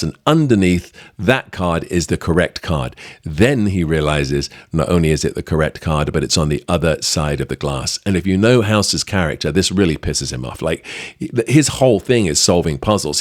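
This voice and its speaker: A middle-aged British man hosting a podcast, chatting lively through a behind-the-scenes anecdote with plenty of fillers. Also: deep voice, no room sound, studio quality. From Britain. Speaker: podcast host. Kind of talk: storytelling anecdote.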